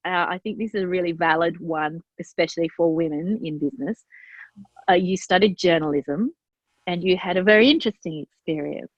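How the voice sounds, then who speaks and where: A woman's voice: fairly low pitch, brisk, dry recording. Encouraging woman interviewer, dry dull audio. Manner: encouraging, attentive questioning. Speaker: podcast host.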